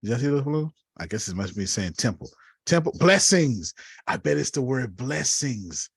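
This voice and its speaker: A man, teaching a lively, preachy Bible lesson over a video call and calling on listeners by name. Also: medium pitch, fairly quick, gravelly, breathy edge, dry recording. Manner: uses Black church phrasing.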